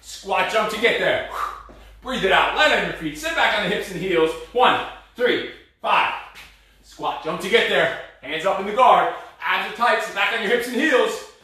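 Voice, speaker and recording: A man's voice: high-pitched, pushed and bright. Breathless man barking workout commands. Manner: barking short commands and counts, pushy and blunt. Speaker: fitness instructor. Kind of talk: coaching a live cardio boxing class. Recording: echoey room, voice far from mic.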